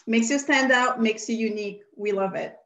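A woman's voice: a little high, normal speed, a bit bright. A woman hosting an interview, upbeat and affirming as she asks her questions. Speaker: interview host. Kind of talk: casual interview chat. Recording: roomy echoey sound.

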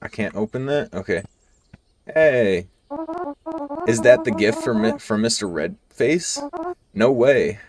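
Joking low-voiced young gamer man. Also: huge pitch swings, slow, long pauses, music in the background. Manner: joking, casual, reacts aloud. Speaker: gaming video creator. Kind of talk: let's play commentary.

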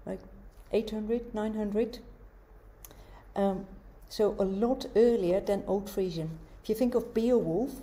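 A woman delivers a university lecture in a mellow, mid-range voice, explaining things in a measured way and posing rhetorical questions.

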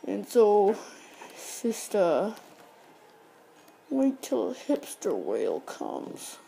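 Lively, mellow-voiced woman explaining a game. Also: mid-range voice, very slow, creaky, a little hiss or hum. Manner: rambling, self-correcting, explains step by step. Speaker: gameplay tutorial host. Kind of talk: casual game commentary.

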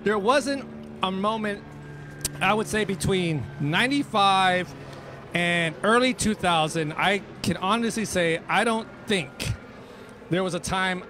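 A man's voice: high voice, a little slow, a little hiss or hum. A middle-aged man chatting casually as a DJ guest, telling stories with lots of repeats and restarts. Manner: animated storyteller, repeats himself. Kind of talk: casual chat.

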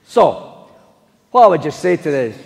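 A man's voice: a little high, measured pace, vocal fry, exaggerated voice. A man impersonating a rambling football man, full of fillers, on a live stage. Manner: rambling, full of fillers, deadpan self-regard. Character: rambling Scottish ex-player tipped as manager. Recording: live hall with audience.

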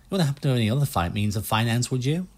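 A man voicing a pushy, fast-talking used-ship salesman with a put-on American salesman accent, reading game dialogue. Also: mid-range voice, animated, natural voice. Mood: smooth salesy. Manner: slick, hard-selling patter.

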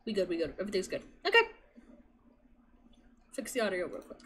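A young woman streaming a game, chatting casually, swearing and excitable. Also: mid-range voice, a little fast, slight background noise. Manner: excitable, swears a lot, laughs, squeals. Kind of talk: gameplay commentary.

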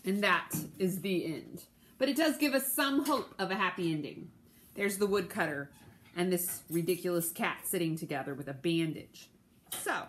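Woman, library storyteller, picture-book reading for kids, lowish voice, lively pitch, chatty asides. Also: slight background noise. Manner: expressive, chatty asides to young listeners.

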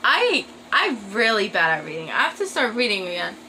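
A teenage girl casually reacting to videos, often bursting into high shrieking laughter. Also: very animated, moderate pace, sharp tone, slight background noise. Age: teens.

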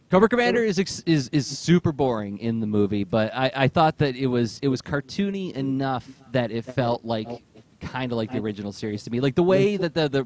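A man's voice: mid-range voice, a little mellow. A man hosting a comics podcast, chatting casually and animatedly and laughing often. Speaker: podcast host.

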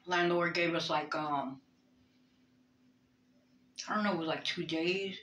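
A woman's voice: on the low side, measured pace, fairly bright tone. A woman, rambling in a personal vlog, hesitant and reflective, with many fillers and restarts. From Brooklyn, New York. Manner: emotional, reflective. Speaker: vlogger. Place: bedroom. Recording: roomy bedroom echo.

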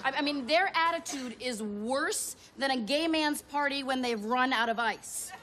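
A woman's voice: high-pitched, moderate pace, a bit bright, a little hiss or hum. A woman playing a snobbish, condescending fan who talks in a smug, pompous way for a sketch comedy. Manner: smug, pompous, repeats words for emphasis. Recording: TV studio audience laughter.

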